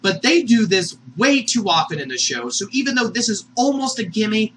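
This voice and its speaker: A man's voice: sits high, sing-song, normal speed, hardly any pauses, a bit bright, a little hiss or hum. A man giving a casual, jokey review of a cartoon episode, laughing at his own asides. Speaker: anime reviewer.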